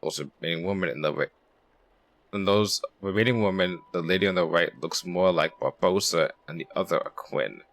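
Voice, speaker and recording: A man's voice: low-pitched, brisk, fairly bright tone. A man streaming a game, commenting casually in a chatty, profane, self-deprecating way.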